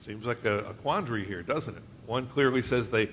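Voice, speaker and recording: Man, preacher, verse-by-verse Bible teaching, conversational, asks the congregation questions, middle pitch, faint background noise. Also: brisk, fairly bright tone. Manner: reads scripture aloud then explains it conversationally.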